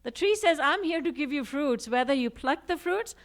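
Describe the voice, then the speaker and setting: A woman's voice: high voice, lively intonation, normal speed. A woman giving a devotional discourse, reciting verses and acting out quoted speech with expression. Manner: recites Sanskrit and Hindi verses. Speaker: spiritual teacher.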